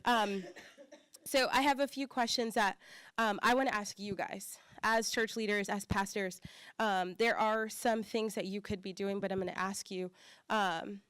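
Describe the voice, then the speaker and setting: A young woman with a slight Southern accent giving a chatty conference talk as church staff, full of fillers and lively quoted voices. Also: medium pitch, measured pace, clear, resonant tone, dry recording.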